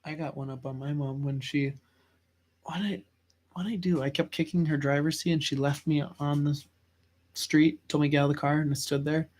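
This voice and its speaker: A man with a slightly high voice tells family stories in a casual chat. He tells them with energy and plays the people in them. The talk is relaxed and conversational. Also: fairly quick. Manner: animated storyteller, acts out his mother's voice.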